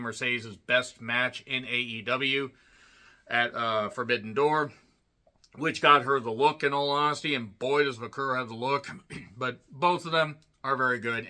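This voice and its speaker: A man hosting a casual, opinionated ranking monologue. He is blunt and profane, clears his throat often and gets louder when he announces names. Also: mid-range voice. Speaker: wrestling commentator and list host.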